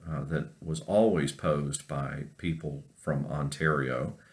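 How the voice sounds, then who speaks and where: Man, extremely low voice, professor lecturing, easygoing, lots of "uh" and "um". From North Carolina. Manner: unhurried storytelling with many fillers. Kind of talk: recorded class lecture with an anecdote.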